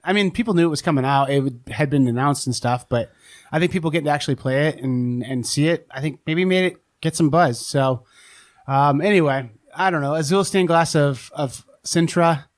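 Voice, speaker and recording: Rambling man with a higher voice. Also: fairly quick. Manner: rambling, full of "um" and "like". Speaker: podcast co-host. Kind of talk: casual chat.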